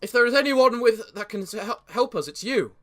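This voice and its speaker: Man voicing a desperate village peasant, bright, lively, softish. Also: extremely high pitch, fairly quick, voice pushed up. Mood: pleading. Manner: pleading, earnest. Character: frightened male peasant villager.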